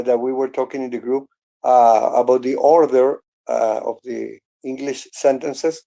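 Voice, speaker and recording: A man speaks earnestly in halting stops and restarts. His voice sits a little high for a man, with a mellow, dark tone and a gravelly edge. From Venezuela. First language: Spanish. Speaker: host. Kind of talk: casual chat in an online audio room.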